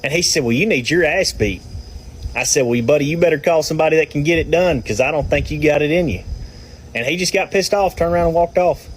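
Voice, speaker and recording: A man's voice: fairly high pitch, fast, slight background noise, low-quality recording. A man telling a story casually, in a blunt and profane manner.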